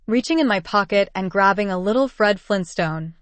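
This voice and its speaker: A woman's voice: medium pitch, moderate pace, hardly any pauses, dry recording. A woman casually narrating a first-person story in an unpolished reading style.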